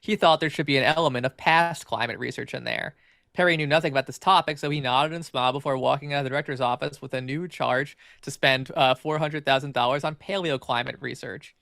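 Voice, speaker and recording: Male podcast co-host reads an article aloud, brisk and gravelly, prone to restarts. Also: mid-range voice, pushed and bright, dry recording, studio quality. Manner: fast, filler-heavy reading with frequent stumbles and restarts.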